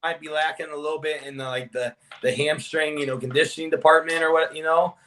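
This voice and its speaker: A man's voice: a little high, steady tone, fast talker, a loud crowd. A man weighing in as a guest on a casual panel, rambling with lots of "you know" and "like". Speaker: guest analyst.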